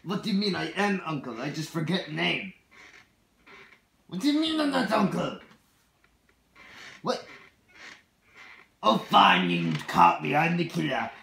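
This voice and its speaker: A man's voice: a little high, very animated, a little slow, vocal fry, roomy sound, a little hiss or hum, heavily acted. A man playing an unhinged Icelandic park ranger. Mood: flustered. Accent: put-on Icelandic. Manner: broken English, erupts into shouting.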